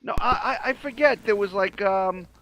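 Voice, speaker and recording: A man's voice: high voice, normal speed, fairly bright tone, no room sound. A man joining a casual podcast chat, friendly and hesitant, with many ums and restarted sentences.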